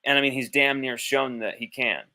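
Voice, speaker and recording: This man, a sports podcast host, runs a livestream from his home with his child close by. At medium pitch and a moderate pace, his steady, sharp tone carries casual, rambling, blunt talk with easy swearing.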